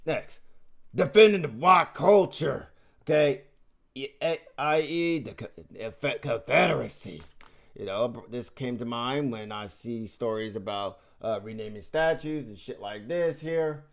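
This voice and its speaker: A man's voice: mid-range voice, animated, a little slow, gravelly. A man ranting about politics in a vlog, emphatic and mocking, swearing heavily and rambling with restarts. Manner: rambling with frequent restarts and fillers. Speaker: vlog host. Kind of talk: profane political rant.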